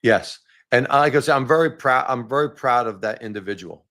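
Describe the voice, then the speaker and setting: A man's voice: medium pitch, fairly quick, a bit bright. A man talking as a podcast guest in a casual, emphatic way, often repeating his points. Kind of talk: casual chat.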